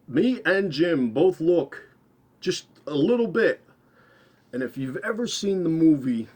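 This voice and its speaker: Speaking in a fairly high pitch, a man rambles through a first-person tale. He keeps repeating and correcting himself, and his voice grows quiet at the tail of each phrase.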